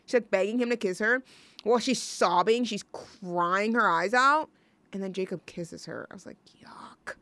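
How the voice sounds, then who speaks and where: Young woman rambling on college radio, smooth clear voice, dry close sound, lots of ums. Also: medium pitch, moderate pace, bright, forceful tone, no echo. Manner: rambling, gushing, self-interrupting with fillers. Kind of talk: casual solo radio chat.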